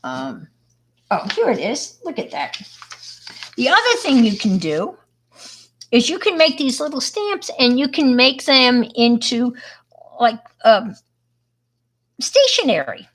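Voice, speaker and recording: A woman's voice: fairly high pitch, wildly swooping pitch, slow, long pauses, a bit bright, a little hiss or hum. A woman from Long Island, New York, presenting an art live stream. She tells a story and demonstrates casually, rambling and speaking to viewers as she works. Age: older.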